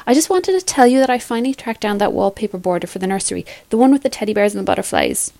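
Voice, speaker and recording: A woman's voice: medium pitch, animated, rapid-fire, creaky, darkish tone, no echo. A woman reading aloud as a bubbly younger sister who is a new mother. She is teasing and chirpy, and the sound is dry and close. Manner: playful and chirpy.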